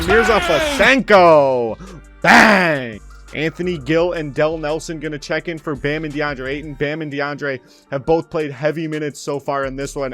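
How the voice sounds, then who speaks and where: A young man commenting on his own video game play, bursting into loud calls on made shots. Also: fairly high pitch. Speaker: gaming commentator.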